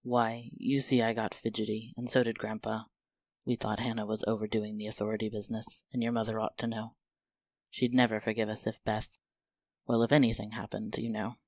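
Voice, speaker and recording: A man's voice: fairly low pitch, level tone, brisk, darkish tone, no room sound. A man voicing a kind, mischievous young man in a storybook reading, talking eagerly and teasingly.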